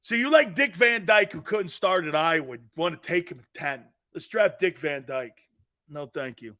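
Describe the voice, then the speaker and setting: A man hosting live sports talk, with a voice sitting a bit higher than most men's. He tells stories with lots of animation, dropping to hushed asides and then surging loud. His banter is blunt and swaggering. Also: expressive, normal speed. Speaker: sports talk show host.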